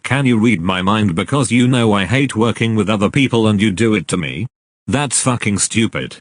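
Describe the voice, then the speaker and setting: Angry, profane storytime narrator; lower male voice.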